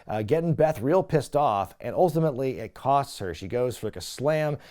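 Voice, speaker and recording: A man hosting a casual wrestling recap, talking in an animated, chatty way with lots of filler words. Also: mid-range voice, normal speed. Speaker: wrestling recap podcast host.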